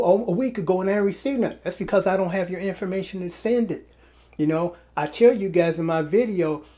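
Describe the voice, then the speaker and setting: Short on sleep, an online seller hosts his own channel in a casual direct-to-camera vlog, talking straight to his buyers. He rambles, often repeating himself or starting over, in a voice that sits on the high side and sounds a little mellow.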